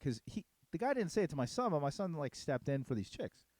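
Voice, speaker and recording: A middle-aged man telling a story in a casual podcast chat, heated and profane. His voice is dark and mellow, and his pitch swings a lot. He talks quickly in a dry, close room. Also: very animated, no room sound. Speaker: podcast co-host.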